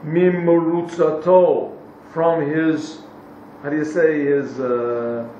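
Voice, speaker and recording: Slow, echoey distant man teaching a text. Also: a little high, steady tone, mellow, a little hiss or hum. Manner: pauses to search for English words. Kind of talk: translating a text line by line in a class. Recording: echoey, distant, dull lo-fi room recording.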